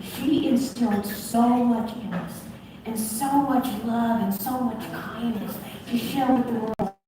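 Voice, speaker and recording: Woman guest, gushing, emotional storyteller; high voice, distant mic in a noisy echoing hall. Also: fairly even intonation, a little slow. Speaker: guest on stage. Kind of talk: live stage conversation. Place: large venue with audience. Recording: echoey hall from far off, noisy.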